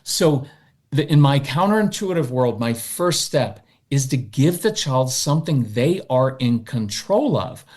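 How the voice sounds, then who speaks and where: Male parenting-coach guest, medium pitch, plain explanatory delivery with animated asides. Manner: animated, acts out quick parent voices; matter-of-fact, explanatory. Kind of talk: podcast interview.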